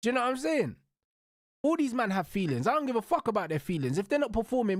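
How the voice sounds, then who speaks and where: A young man with a very high voice talks fast, his pitch swinging widely, in a dry, studio-quality recording. Hosting a football watch-along, he launches into a heated rant, swearing freely, heavy on slang, capping every line with bro, bruv or blood.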